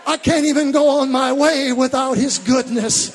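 A male preacher giving a fervent sermon, rising from teaching to shouted exhortations. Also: very high voice, steady tone, normal speed, few pauses, long reverb tail, a faint crowd.

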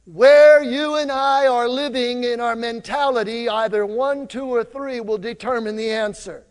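A male pastor preaching a lively sermon in a church, drawing the congregation into call-and-response. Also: extremely high pitch, measured pace, hardly any pauses, in a large hall. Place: church sanctuary.

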